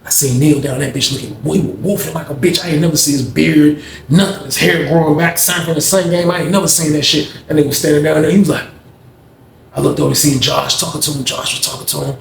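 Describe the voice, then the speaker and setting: Casting: quick, slangy male storyteller, somewhat high voice, echoey room with faint ambience. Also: creaky, a little hiss or hum. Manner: slangy, animated retelling. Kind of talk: casual storytelling.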